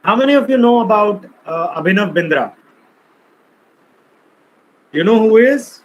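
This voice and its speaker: A man lectures an audience on communication skills, his high voice pressing each point and slipping into acted example lines. He asks the room questions as he goes. Faint room ambience sits behind him. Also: expressive, normal speed, dull audio, slight background noise. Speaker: speaker. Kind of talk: motivational talk on communication skills. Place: lecture hall.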